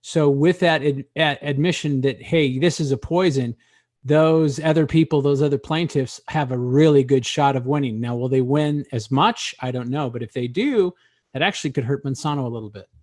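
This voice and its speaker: A man's voice: mid-range voice, moderate pace, a little mellow, no echo, studio quality. A man hosting a casual talk show, joking and rambling with many hesitations. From Arizona. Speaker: host.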